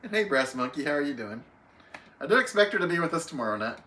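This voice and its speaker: Alone at home on a casual livestream, a man greets viewers one at a time by name, reading the chat aloud and chatting away in a friendly, easy manner. His voice sits on the high side and sounds sing-song, pushed and bright, and he talks fast. A little hiss or hum runs under the audio.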